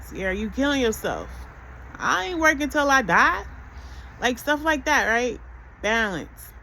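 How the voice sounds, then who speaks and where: Casual vlogger, woman, high-pitched and chatty, a faint hiss behind her. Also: big pitch swings, a little slow, pushed and bright, low-quality recording. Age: adult mother. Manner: chatty, conversational, asks rhetorical questions. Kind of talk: casual spiritual self-help talk.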